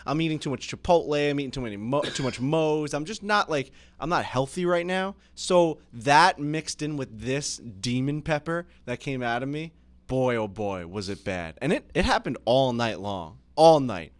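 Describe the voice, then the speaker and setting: A young man co-hosting a podcast, telling a story in an animated way, yelping and shouting as he goes. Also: medium pitch, moderate pace. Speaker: podcast co-host. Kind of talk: casual chat.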